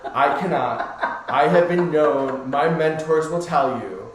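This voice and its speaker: On a podcast, a male spiritual coach chats easygoingly and slowly in a voice on the high side, regularly checking in with the listener by asking "right?" The room he's in is very echoey.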